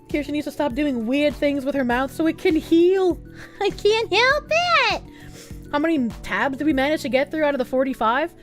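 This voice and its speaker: A woman's voice: high-pitched, moderate pace, faint music behind. A woman livestreamer chatting casually and thanking viewers for donations, crude and joking, swearing freely. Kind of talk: casual stream chat, reading out donations.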